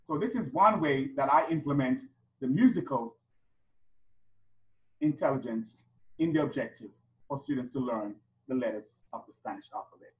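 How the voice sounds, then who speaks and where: A man's voice: medium pitch, normal speed, long pauses, poor audio. A middle-aged man leading a teaching workshop, asking the audience questions and chanting letters to a beat. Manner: asks the audience rhetorical questions. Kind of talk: workshop lecture with chanted demonstrations.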